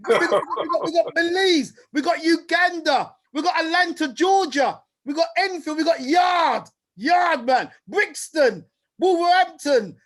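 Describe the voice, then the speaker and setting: A man hosting an online event, energetic and playful, rattling off shout-outs over a video call. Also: extremely high pitch, a little slow. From United Kingdom. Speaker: host.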